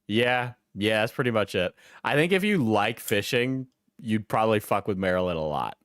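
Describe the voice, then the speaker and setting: A man's voice: lowish voice, animated, moderate pace, fairly bright tone, clean tone, no echo, studio quality. A man in his twenties, a live streamer, chatting casually and telling rambling stories with lots of slang and swearing.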